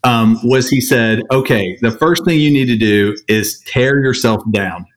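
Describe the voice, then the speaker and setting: A man co-hosting a podcast who talks in a halting way, full of fillers. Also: mid-range voice. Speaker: podcast co-host. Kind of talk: casual podcast chat.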